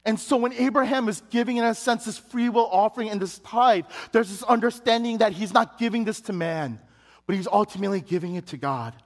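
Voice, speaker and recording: A man's voice: high voice, fairly quick, long reverb tail. A man preaching a sermon as pastor, telling a personal story and building to emphatic rising questions. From Chicago, United States.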